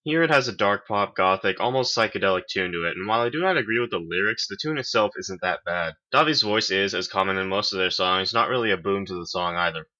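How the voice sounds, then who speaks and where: Low-ish man, forceful and tense tone, sardonic reviewer, muffled lo-fi sound. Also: quick pace, hardly any pauses. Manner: dry, sarcastic. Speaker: host, album reviewer. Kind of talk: semi-scripted review.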